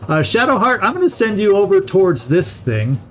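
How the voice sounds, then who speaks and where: A middle-aged man hosts a gaming channel let's-play, chatting casually and thinking out loud as he plays, frequently restarting words. His voice sits high and is very animated, with a fairly bright tone at a normal speed.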